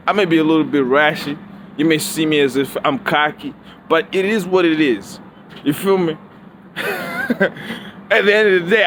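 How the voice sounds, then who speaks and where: A man's voice: high-pitched, a bit bright. A man giving a profane, preachy, rambling monologue with lots of slang, recorded outdoors near traffic. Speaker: vlogger.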